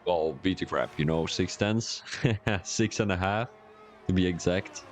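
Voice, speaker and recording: A man with a low-pitched voice talks unhurriedly, with a bit of hiss or hum on the recording. He's live-streaming commentary on a sim racing league, rambling and chatty, talking to his chat and joking at his own expense.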